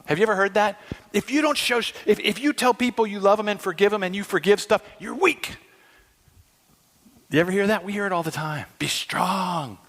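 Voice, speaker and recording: A man's voice: sits high, fairly quick, fairly bright tone. A man preaching a sermon in an impassioned, emphatic way, acting out dialogue. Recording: long hall reverb.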